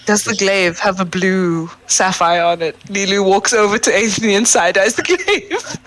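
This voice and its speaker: A bubbly woman at a tabletop game, narrating what her character does. She gasps and laughs often, and her voice sits at an ordinary middle pitch. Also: animated, measured pace, fairly bright tone, rough recording. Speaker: player.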